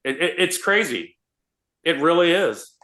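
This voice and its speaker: A man, a radio host, telling an animated story in a casual interview. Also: on the high side, a little slow. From Austin, Texas. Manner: animated, excitable storyteller with many restarts.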